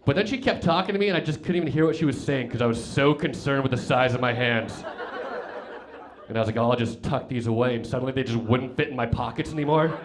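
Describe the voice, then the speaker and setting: A young man performing stand-up comedy at a club on a handheld mic, rambling through a story with lots of fillers and sudden loud outbursts. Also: mid-range voice, fast talker. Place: comedy club stage with audience laughter.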